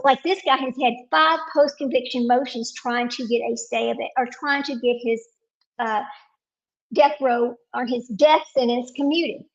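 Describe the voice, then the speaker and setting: A woman's voice: high voice, creaky, lo-fi sound. A woman hosting a casual live stream, talking to viewers while searching her computer and getting frustrated.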